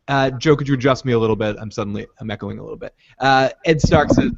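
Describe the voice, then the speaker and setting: A man's voice: medium pitch, normal speed, highs cut off. A man co-hosting a podcast, casually recapping an episode and loosely quoting characters' lines as he goes. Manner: retells scenes by quoting lines, loose and rambling.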